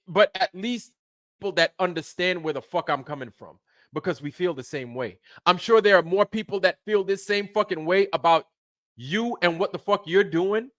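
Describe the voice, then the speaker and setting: Channel host, heated and profane, higher-pitched male voice, dry close-mic sound. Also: fairly bright tone, dry recording. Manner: heated, profane, repeats himself. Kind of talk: angry livestream rant.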